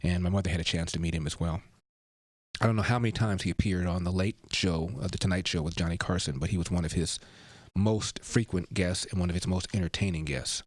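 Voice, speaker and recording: A middle-aged man hosting a talk show, with a very low voice and a close, dry sound. He tells anecdotes in a reflective way and often restarts his sentences. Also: steady tone, a little fast, no room sound. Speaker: talk radio host.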